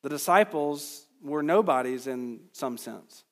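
A pastor delivers an expository sermon, earnest and emphatic, animated yet a little slow. His somewhat high voice rises on the points he stresses, and the hall gives the sound a long reverb.

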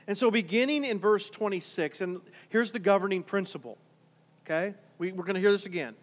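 A middle-aged man preaching a sermon as pastor, conversational, swinging from quiet asides to loud emphatic points. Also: high-pitched, a little fast. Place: large church hall. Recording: reverberant hall.

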